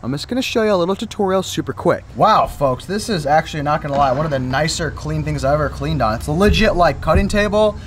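A young man chatting excitedly to viewers while fishing and cleaning fish outdoors, calling them folks and boys. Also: on the high side, fast, hardly any pauses, slight background noise. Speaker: fishing vlogger. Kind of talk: casual outdoor vlog tutorial.

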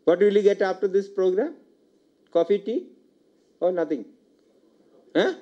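A man's voice: sits high, animated, unhurried. An older man with an Indian English accent giving a public lecture, asking the audience rhetorical questions and repeating his key points. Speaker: university lecturer. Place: lecture hall. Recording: dull lo-fi lecture recording.

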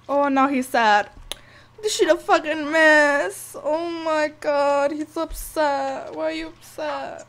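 A young woman giving casual, profane, excitable commentary over a life-sim game, scolding the characters as she plays. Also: high voice, slow. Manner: profane, excitable, talks to the sims. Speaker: gameplay commentator. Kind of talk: casual let's-play commentary.

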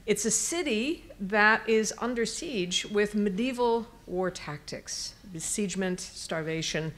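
A woman moderating a public debate, speaking in a measured, deliberate way as she introduces the panel. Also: medium pitch, fairly bright tone.

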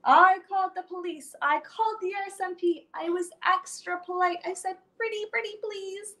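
A young woman storyteller reading a rhyming picture book aloud to children in an animated, sing-song way with dramatic swings. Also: very high voice, moderate pace. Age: young adult.

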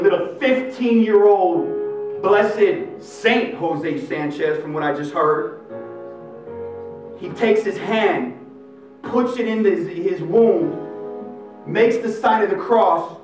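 Youth minister guy preaching live, slangy and fired up, big hall echo, guitar under it. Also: sits high. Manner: energetic storytelling, street slang. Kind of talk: live motivational faith talk. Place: large hall with live audience. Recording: echoey hall, mic far off. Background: guitar music.

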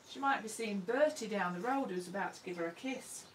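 A woman's voice: medium pitch, distant mic, noisy background. A woman artist talking through her painting live, chatty and self-deprecating, murmuring to herself as she works. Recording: roomy sound from away from the mic.

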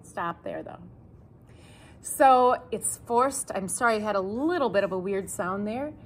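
Slow-spoken woman cello teacher. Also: medium pitch, animated, soft background music. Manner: patient, repeats instructions, jokes about herself. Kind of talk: online music lesson, counting in and calling notes. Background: cello playing along.

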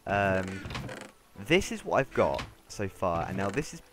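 Deep-voiced guy narrating gameplay. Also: very animated, normal speed, background noise. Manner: rambling, talks to himself while playing. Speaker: gameplay commentator. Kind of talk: casual gameplay commentary. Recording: game music playing underneath.

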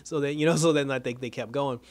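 A man giving a casual, rambling recap of a TV episode, full of fillers and quick laughs. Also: medium pitch, steady tone. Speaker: TV episode reviewer.

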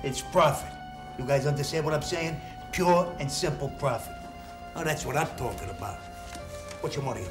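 A man's voice: on the high side, moderate pace, pauses often, music in the background, close to an everyday voice. A man acting as a brash young loan shark who trades insults and gives orders. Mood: blustering. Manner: blustering, insulting, then soothing. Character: young male loan shark, brash, bossy, quick-tempered. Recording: echoey room.

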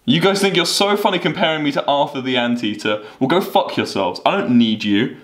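A man's voice: fairly high pitch, lively intonation, a little fast, a bit bright, roomy sound. A young man streaming, reacting to fan memes in casual, sweary, mock-indignant banter.

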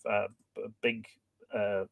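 A man's voice: fairly low pitch, flat delivery, takes it slowly, vocal fry. An Irish man hosting a casual livestream, greeting viewers by name and making jokes as he reads out their comments. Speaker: livestream host.

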